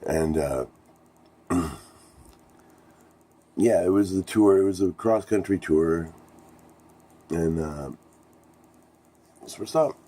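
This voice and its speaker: A man's voice: low voice, takes it slowly, pauses often, warm tone. A middle-aged man, a musician, telling a band story to his viewers in a rambling, profane and enthusiastic way. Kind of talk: casual storytelling vlog.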